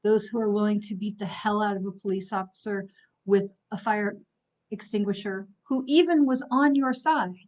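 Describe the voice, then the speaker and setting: A woman's voice: medium pitch, moderate pace, a little mellow. A middle-aged woman hosting a livestream as a psychic medium, talking angrily and bluntly and swearing while she apologizes for it. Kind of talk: livestream talk to viewers. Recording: slightly dull lo-fi stream audio.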